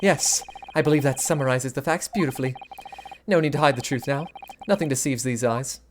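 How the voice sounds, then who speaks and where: A woman's voice: rumbling low, brisk, a little hiss or hum. A woman voicing a grandiose, theatrical male detective from a game, reading his lines aloud. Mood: pompous. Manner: grandiose, declaiming.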